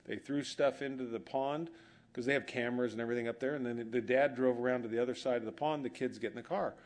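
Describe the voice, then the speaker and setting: A man preaching a sermon in an easygoing, conversational way, with jokes woven through anecdotes. He often acts out what people said, and his voice sits at an ordinary middle pitch. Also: fairly even intonation, quick pace, darkish tone. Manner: storytelling with humor, acts out quoted dialogue. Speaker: pastor.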